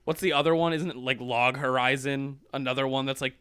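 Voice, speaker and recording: A man co-hosting a podcast, retelling a manga in lively casual chat, acting out characters and swearing freely. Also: mid-range voice, fairly quick, clear, resonant tone. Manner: animated storytelling, acts out characters, swears. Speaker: podcast co-host.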